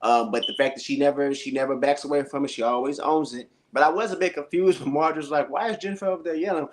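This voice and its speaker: A man on a live discussion panel, giving emphatic, expressive opinions in a casual way and laughing now and then. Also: medium pitch, fast talker.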